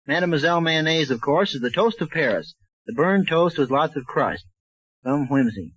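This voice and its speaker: A man's voice: a little high, animated, normal speed, a bit bright, breathy edge. A man hosting a 1940s radio comedy, delivering brash, wisecracking newsreel-style announcer patter. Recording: muffled old radio transcription.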